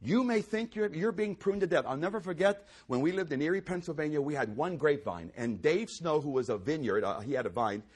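A pastor preaching a sermon, swinging between loud exclamations and hushed near-whispers and repeating key phrases for emphasis. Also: male voice, fairly high pitch, expressive, brisk, hardly any pauses, husky.

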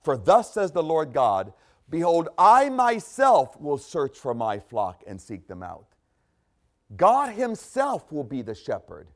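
Guy preaching a sermon, reads scripture then explains it, voice jumps up and down a lot, keeps clearing his throat. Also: fairly high pitch, huge pitch swings, takes it slowly. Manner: expository, repeats phrases for emphasis, clears throat often.

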